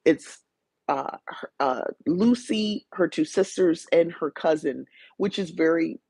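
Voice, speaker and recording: Woman, podcast host, rambling book review chat, fry in the voice. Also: deep voice, expressive, takes it slowly, a little mellow, no echo. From South New Jersey, USA. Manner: chatty, rambling, frequent restarts and fillers; greets live viewers by name.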